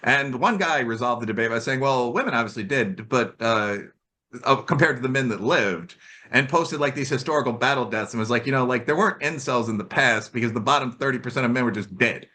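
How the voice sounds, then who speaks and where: A man's voice: mid-range voice, a little fast. A man hosting a podcast, telling rambling, jokey stories in a casual chat. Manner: rambling, animated storytelling, jokey. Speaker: podcast host.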